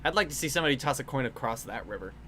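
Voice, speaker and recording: A woman's voice: rumbling low, expressive, rapid-fire, pushed and bright, a little hiss or hum. A woman in casual chat among friends, playful and always trying out voices and accents. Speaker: podcast host.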